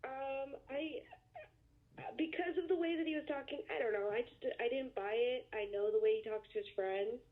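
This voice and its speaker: Young woman, caller, hesitant, halting, tinny phone line. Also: high voice. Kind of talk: phone call to a radio show.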